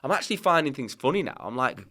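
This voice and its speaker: A man in his thirties, a podcast guest telling candid personal stories in a lively, casual way and swearing freely. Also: medium pitch, fast. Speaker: podcast guest, company founder. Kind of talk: casual conversational storytelling.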